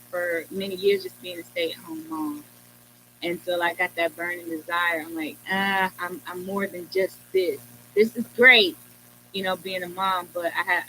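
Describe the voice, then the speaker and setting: Woman guest, storyteller, animated delivery, bright tone. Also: on the low side, a little hiss or hum, poor audio. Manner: animated, quotes others in lively retelling. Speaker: guest, writer. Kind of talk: storytelling in conversation.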